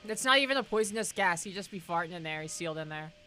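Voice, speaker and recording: Young woman streamer, lowish voice, chatty and jokey, talking to chat while gaming. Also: animated, fast, bright, forceful tone, slight background noise. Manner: rambling, joking, chatty asides to chat. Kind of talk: casual gameplay commentary.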